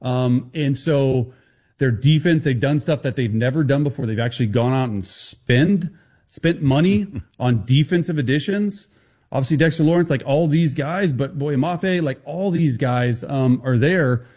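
A man appearing as a football analyst guest on a sports talk show, talking fast and confidently with quick restarts. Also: mid-range voice, darkish tone.

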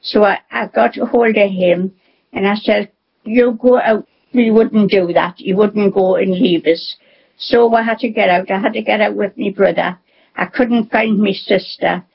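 Husky woman in her nineties. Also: medium pitch, fairly even intonation. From North East England. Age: 90s. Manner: halting, plainspoken recollection. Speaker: interviewee, war survivor. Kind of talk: recorded radio interview. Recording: dull lo-fi broadcast audio.

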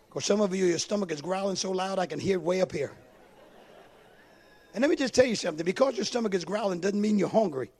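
A man preaching a sermon, swinging between hushed asides and shouted, sing-song emphasis. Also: sits high, slightly rough. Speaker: pastor.

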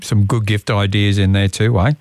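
A man's voice: fairly low pitch, level tone, normal speed, a little mellow, no echo. An Australian man hosting a radio segment, prompting his guest with brief easygoing questions. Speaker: radio host. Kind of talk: casual radio chat.

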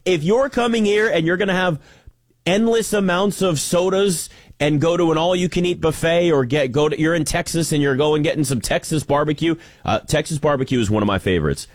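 An American man hosting a sports talk show, ranting in an animated, sarcastic monologue. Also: fairly high pitch, fairly quick, no echo. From United States.

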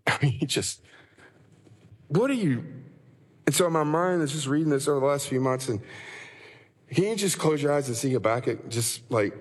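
A man's voice: on the high side, sing-song, normal speed, pauses often, slightly rough. A male pastor preaching a sermon with passion, acting out anguished prayers to God. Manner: impassioned, acts out anguished prayers. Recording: long church reverb.

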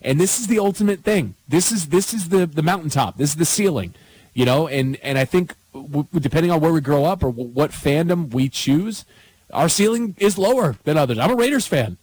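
Animated man co-hosting sports radio. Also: a little high, fairly quick, slightly rough, low-quality recording. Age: 40s. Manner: animated, laughing, stumbles over words. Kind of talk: casual radio chat.

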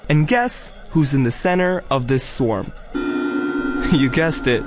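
A man's voice: mid-range voice, slow pace. Wry male radio narrator. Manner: wry, playful. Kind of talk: scripted narration.

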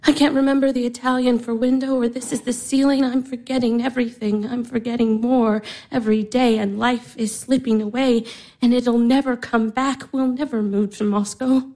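Despairing young woman in her 20s, anguished and pleading, a bit high, acted by a woman. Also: flat delivery, normal speed, few pauses, warm tone, close to an everyday voice. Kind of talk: stage drama acting.

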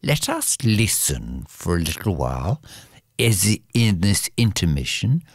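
Slow, deep-voiced woman storyteller. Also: very animated, slightly rough, no room sound, clean studio sound. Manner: slow, dramatic, addresses listeners directly. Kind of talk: oral fairy-tale storytelling.

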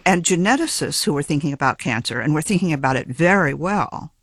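Man talking science in an interview, careful academic wording, kinda high voice, dry close sound. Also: lively intonation, fairly bright tone, slightly rough, no room sound. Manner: measured, precise, academic phrasing with small restarts. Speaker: geneticist being interviewed. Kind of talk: reflective interview explanation.

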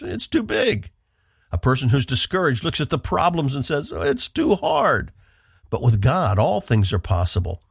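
A man from the northeastern United States teaches a scripted devotional, his delivery measured and earnest, pressing on the words that matter. His voice sits at an ordinary pitch. The recording is dry and close, with no room sound around him. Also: dry recording. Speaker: radio Bible teacher and host.

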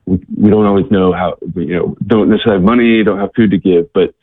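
A man talking as an interview guest, telling stories in a halting way, with many fillers and repeated words. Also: low voice, no echo. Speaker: guest, charity worker. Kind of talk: casual interview storytelling. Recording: tinny, dry phone-like line.

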